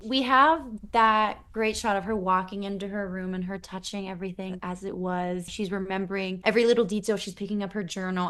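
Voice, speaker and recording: A woman's voice: medium pitch, steady tone, fairly quick, few pauses, a bit bright. A woman co-hosting a casual film discussion, chatty and acting out quotes as she talks. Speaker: podcast co-host.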